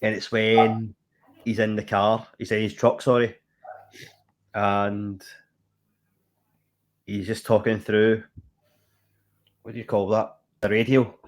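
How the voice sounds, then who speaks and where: A man co-hosting a film podcast in loose, casual chat. His voice sits on the low side, and he talks in a rambling, easily amused way, often going off on tangents. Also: flat delivery, takes it slowly, long pauses. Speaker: podcast co-host.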